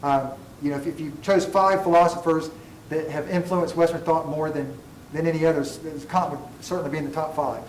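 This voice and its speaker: A man's voice: on the high side, fairly even intonation, a little fast, hardly any pauses, slight background noise. A man teaching a college ethics class, digressive and self-deprecating, joking with students as he lectures. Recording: echoey classroom from a distance.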